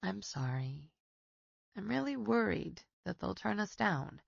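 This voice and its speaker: A woman's voice: medium pitch, sing-song, unhurried, vocal fry, slightly rough, no echo, muffled recording, exaggerated voice. A woman voicing a young female investigator who speaks earnestly and politely with some tension, in an audiobook. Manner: earnest, polite, a little tense.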